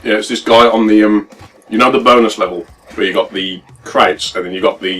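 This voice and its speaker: A man's voice: lowish voice, fairly even intonation, a little fast, a bit bright. A young man co-hosting a let's play, chatting casually and explaining game mechanics at length. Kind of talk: casual gameplay commentary. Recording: distant mic with game music behind.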